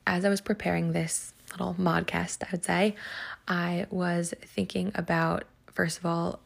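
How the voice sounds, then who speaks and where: A woman's voice: fairly low pitch, little pitch movement, a little slow, creaky, husky. A woman hosting a podcast lesson, telling a story in a chatty, casual way full of "like" and "um.". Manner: chatty, filler-heavy, lots of "like" and "um". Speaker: podcast host teaching Psalms.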